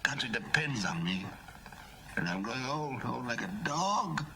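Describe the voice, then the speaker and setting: An actor playing an older, paranoid Soviet dictator who broods slowly and then bursts into shouts. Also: male voice, mid-range voice, very animated, a crowd in the background. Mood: weary. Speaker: film character.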